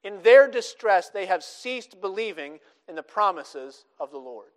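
High-voiced preacher in a reverberant hall. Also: male voice, sing-song, unhurried. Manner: expository preaching, quoting scripture with emphatic rises. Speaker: pastor. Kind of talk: sermon.

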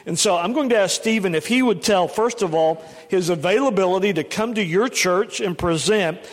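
A man, a pastor, introducing a guest speaker to the congregation in a brisk, plainspoken way. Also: high-pitched. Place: church sanctuary. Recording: long reverb of a church hall.

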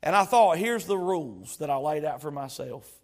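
A male pastor, preaching a sermon that moves from quiet storytelling to loud exhortation. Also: on the high side, animated, moderate pace.

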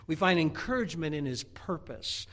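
A man's voice: on the high side, animated, normal speed, fairly bright tone. A man preaching a sermon, telling homely stories with humor, repeating words as he builds to emphatic, rising points. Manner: folksy, humorous storytelling with rising emphatic bursts. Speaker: pastor.

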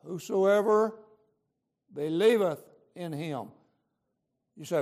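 A man's voice: sits high, big pitch swings, unhurried, vocal fry, pauses often, darkish tone. A man preaching a sermon, fervent and emphatic, repeating lines for stress and using folksy grammar.

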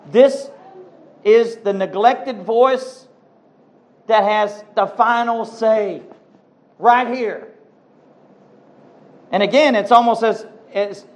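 Male pastor, high voice, fervent sermon delivery with scripture reading and emphatic repetition. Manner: fervent preaching, reads scripture aloud, repeats phrases for emphasis.

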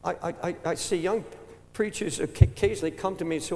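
High gravelly older preacher, echoing hall. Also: male voice, steady tone, a little hiss or hum. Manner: impassioned, rising to shouts, halting repetitions. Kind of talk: sermon. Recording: echoey hall with long reverb.

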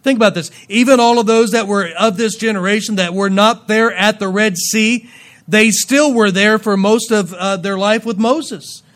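A man with a high voice preaching to his congregation. He reads scripture aloud, then breaks into playful asides, and swings between loud emphasis and quiet, dropped endings. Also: fairly even intonation, normal speed. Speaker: pastor. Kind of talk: sermon.

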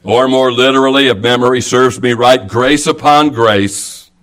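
A man preaching an evangelical sermon, slow and emphatic, quoting King James scripture at length. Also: medium pitch, fairly even intonation, a bit bright.

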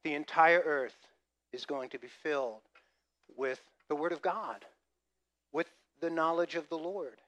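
Here a middle-aged male pastor delivers a sermon in a storytelling style, joking and dramatizing humorous personal anecdotes with acted gasps. The pitch is a little high, the tone a bit bright, and he keeps a measured pace broken by long pauses.

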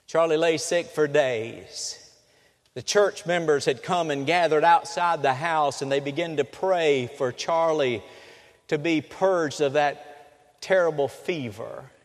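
A man preaching a sermon with dramatic storytelling, changing pace and loudness. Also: on the high side, slow. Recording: long reverb of a hall.

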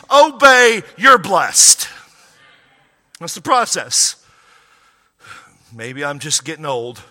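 Emphatic preacher in a reverberant hall. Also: male voice, fairly high pitch. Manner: emphatic, repeats key lines, drops quiet for asides. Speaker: pastor. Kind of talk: sermon.

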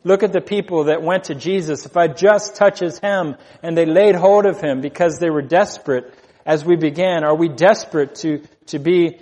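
A man's voice: fairly high pitch, moderate pace, darkish tone, in a large hall. A man preaching a sermon as pastor, earnest, repeating key phrases for emphasis.

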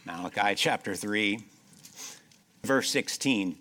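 A man preaching a sermon, moving between loud emphatic stretches and soft, slowed passages, repeating key phrases and asking the congregation rhetorical questions. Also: on the low side.

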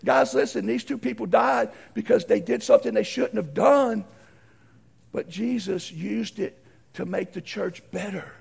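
A middle-aged man preaching a folksy storytelling sermon, animated and acting out the voices in his stories. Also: high-pitched, measured pace, gravelly, breathy edge.

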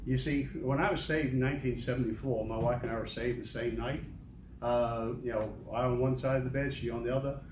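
A man's voice: medium pitch, fairly even intonation, a little fast. Older American missionary man in a distant, echoey hall. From United States. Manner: rambling, self-deprecating, with many restarts and chuckles. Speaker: missionary giving testimony. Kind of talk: casual church testimony. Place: large church hall. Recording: echoey hall, distant mic, ambient noise.

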